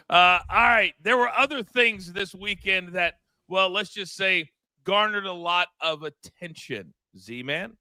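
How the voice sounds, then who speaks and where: A man hosting a sports betting talk show, lively and quick to laugh. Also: high voice, dry recording, studio quality. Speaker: show host.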